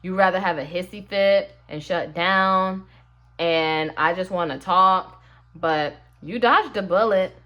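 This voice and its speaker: A woman's voice: on the low side, slow pace, a bit bright, muffled recording. Sassy woman reading tarot cards. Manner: chatty, sassy, talks straight to the viewer. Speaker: tarot card reader. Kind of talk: casual tarot reading to camera.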